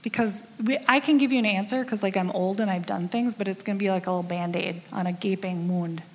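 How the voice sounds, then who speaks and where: A woman's voice: mid-range voice, fairly even intonation, fast talker. A woman in her fifties gives a conversational sermon to a women's group, telling stories about herself with candid, self-deprecating humor. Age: 50s. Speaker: women's ministry speaker. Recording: long reverb of a large hall.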